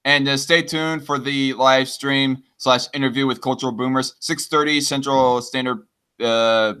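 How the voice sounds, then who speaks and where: A man's voice: mid-range voice, fairly even intonation, measured pace, bright, forceful tone, clear, resonant tone. A man hosting a casual live stream, stammering and trading crude jokes with a guest. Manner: stammering, crude joking banter.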